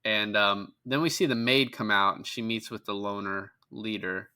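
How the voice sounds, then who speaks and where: Casual male podcast co-host, bright forceful voice, rambling profane recap. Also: fairly low pitch, moderate pace, clear, resonant tone. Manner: rambling, profane, quotes characters in passing. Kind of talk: casual film recap chat.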